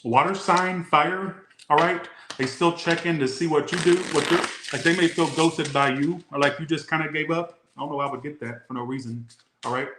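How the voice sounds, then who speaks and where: Southern guy doing a chatty tarot reading, kinda high voice, echoey room. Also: fairly even intonation, fairly quick, noisy background. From Southern United States. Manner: chatty, rambling, says "all right?" a lot. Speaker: tarot reader.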